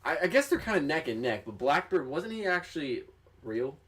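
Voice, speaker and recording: A man's voice: a little high, big pitch swings, fairly quick, a bit bright. A man co-hosting a movie podcast, giving chatty, hedging opinions. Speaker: podcast co-host. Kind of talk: casual movie news chat.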